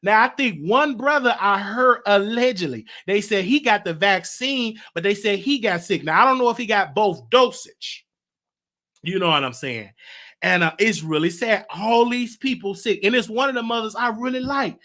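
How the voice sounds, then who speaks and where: A man hosting a casual monologue, animated, stammering and repeating himself. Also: sits high, moderate pace. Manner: animated, repetitive, stammering restarts. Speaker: show host.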